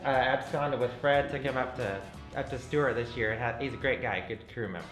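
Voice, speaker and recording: Laid-back co-host, roomy echo. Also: male voice, medium pitch, steady tone, fairly quick, fairly bright tone, faint music behind. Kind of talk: casual chat.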